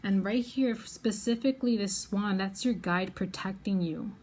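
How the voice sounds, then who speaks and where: A woman giving a pick-a-card tarot reading to the viewer in an effusive, excitable way. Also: mid-range voice, moderate pace, a little hiss or hum. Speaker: tarot reader.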